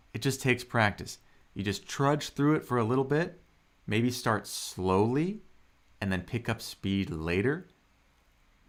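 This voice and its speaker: A man teaching Mandarin in a live online lesson. He draws out model words slowly and chats with viewers. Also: fairly bright tone. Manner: slow, drawn-out model pronunciations with swooping pitch; friendly, chatty asides to viewers.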